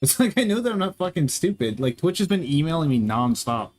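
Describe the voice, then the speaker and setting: A man with a voice on the high side talks briskly in a sing-song way while streaming a game. He rambles and jokes with his viewers in live chat, casual and profane as he plays.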